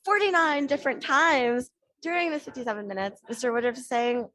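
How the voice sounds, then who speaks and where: A woman's voice: high voice, a little fast, no room sound. A woman telling a story on a podcast, acting out the lines of the people she quotes. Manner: animated, acts out quoted dialogue. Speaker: podcast guest. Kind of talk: casual storytelling.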